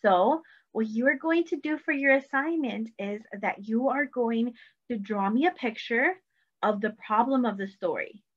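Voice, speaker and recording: A woman preschool teacher reading a picture book aloud, speaking slowly and encouragingly to young children. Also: fairly high pitch, dull audio. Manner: slow, sing-song, encouraging teacher talk. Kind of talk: storybook read-aloud lesson.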